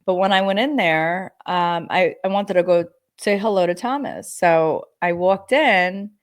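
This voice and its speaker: A woman hosting a casual podcast chat, telling lively stories and swearing freely. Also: lowish voice, a little slow. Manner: animated storyteller, swearing freely. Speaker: podcast host.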